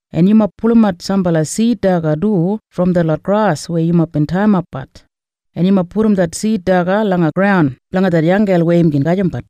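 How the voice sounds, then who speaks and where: A man's voice: high voice, warm tone, dry recording, dull audio, natural voice. A man with an Australian Kriol accent voicing Boaz, a gracious wealthy male landowner, in a Bible story reading.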